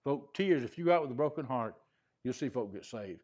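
On a muffled recording, an older man from Louisiana preaches in a medium-pitched, slightly mellow voice with lively intonation and a somewhat fast pace. A pastor, he relates a personal story folksily, full of repeated "he said" and frequent "uh."

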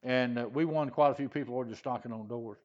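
A man's voice: medium pitch, fast, highs cut off. An older man from Louisiana preaching a sermon, telling a personal story in a folksy, rambling way full of "he said" and "uh". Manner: folksy, repetitive "he said" storytelling with frequent "uh" fillers. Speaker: pastor.

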